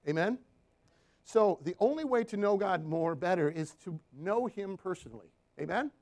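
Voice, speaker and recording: A man's voice: high voice, normal speed. A man preaching a sermon, telling stories from his counseling work and asking the congregation for amens. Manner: animated storytelling with call-and-response amens.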